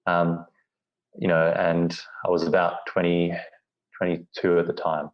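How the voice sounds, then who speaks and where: A man's voice: low voice, completely flat delivery, a little slow. A man being interviewed on a podcast, telling a personal story in a rambling way, full of "you know" and restarts. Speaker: podcast guest. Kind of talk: reflective storytelling. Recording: dull lo-fi audio.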